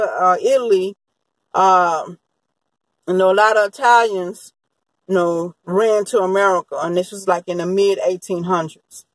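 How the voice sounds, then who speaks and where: A woman's voice: medium pitch, no room sound, poor audio. Rambling woman. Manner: rambling, many fillers and restarts. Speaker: true-crime commentator. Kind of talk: unscripted monologue.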